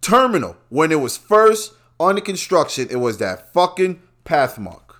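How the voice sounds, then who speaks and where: A man, a podcast host talking in a brash, rambling, profane monologue that swings from quiet asides to loud outbursts. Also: on the high side, very animated, measured pace. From Brooklyn, New York. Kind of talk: profane casual commentary monologue.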